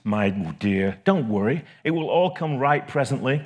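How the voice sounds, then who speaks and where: A man reading a gentle, patient spirit. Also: medium pitch, animated, unhurried, husky.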